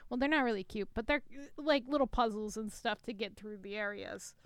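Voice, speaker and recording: A woman co-hosting a casual podcast about video games, giggly, profane and animated. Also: on the high side, brisk, clear, resonant tone, no echo. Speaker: podcast co-host.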